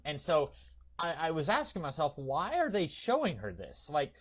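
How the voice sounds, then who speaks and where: A man co-hosting a podcast, talking about films in a loose, chatty way with halting fillers. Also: on the high side, sing-song. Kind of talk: casual film discussion. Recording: dull lo-fi podcast audio.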